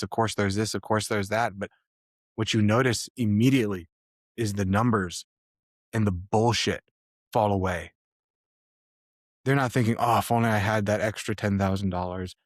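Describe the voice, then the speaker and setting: A man with a lowish voice talks on a podcast, earnest and measured, turning over big questions with care. The sound is close and dry, with no room around it. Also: dry recording. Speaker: podcast co-host. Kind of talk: reflective podcast talk.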